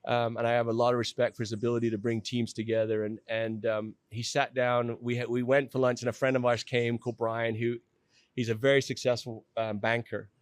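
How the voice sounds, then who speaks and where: Middle-aged man, emotional storyteller, halting restarts, close dry mic, mid pitch. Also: flat delivery, clear, resonant tone, dry recording. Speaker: company president telling his story as podcast guest. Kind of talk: candid conversational storytelling.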